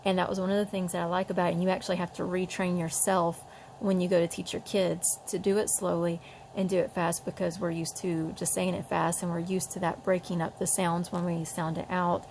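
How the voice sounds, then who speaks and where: Woman, gravelly, flat delivery, parent teaching reading, faint background noise. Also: on the low side, rough recording. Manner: demonstrates sounds slowly, chatty with fillers. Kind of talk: casual home tutorial.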